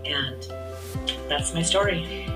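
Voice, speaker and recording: A middle-aged woman sharing her faith testimony in an earnest, reflective way, often trailing off softly. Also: deep voice, takes it slowly, over music, rough recording.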